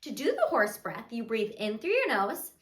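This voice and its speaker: A woman hosting a children's show, telling a gentle story and leading breathing exercises in a soft sing-song manner with playful delight. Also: on the high side, wildly swooping pitch, normal speed, echoey room.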